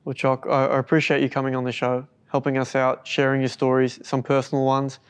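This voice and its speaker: Brief: male interview host, resonant voice, flat and steady delivery. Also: mid-range voice, clear, resonant tone. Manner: measured, summing up the guest's story.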